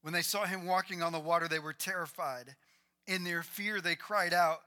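A man preaching a sermon, swinging between loud emphatic lines and hushed, quiet ones. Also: high voice, fairly even intonation, normal speed. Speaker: pastor.

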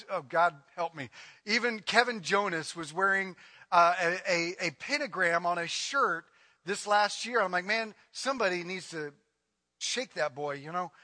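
Male pastor, sermon delivery, bright and forceful, big hall reverb, swings loud to hushed. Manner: impassioned, swings from loud to low.

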